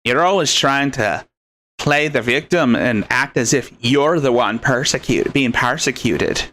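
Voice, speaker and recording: A man's voice: medium pitch, measured pace, sharp tone. A man hosting a live commentary show, talking in a sarcastic, scornful and rambling way. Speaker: commentary host.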